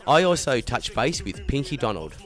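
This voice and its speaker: A man's voice: mid-range voice, sing-song, normal speed, fairly bright tone. A man hosting a podcast interview, chatting casually, swearing freely and calling his guest mate. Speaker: podcast host.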